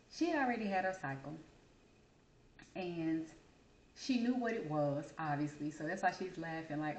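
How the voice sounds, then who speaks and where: Animated woman telling a story. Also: moderate pace, echoey room, a little hiss or hum. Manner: animated, high squeaky voice for quoted childhood self; Southern-style American vernacular, addresses audience as y'all. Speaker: host. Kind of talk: casual storytelling to viewers.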